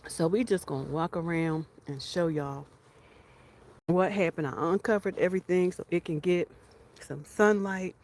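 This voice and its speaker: Excited woman touring her garden. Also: on the low side, normal speed. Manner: excited, chatty, repeats herself and addresses viewers as y'all. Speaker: homestead vlogger. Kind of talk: casual garden tour. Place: outdoors in a garden and greenhouse.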